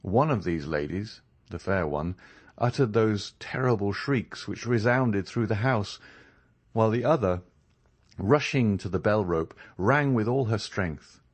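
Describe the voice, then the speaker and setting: A man narrating a classic novel as an audiobook, in an expressive, measured storytelling manner. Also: on the low side. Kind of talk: scripted narration.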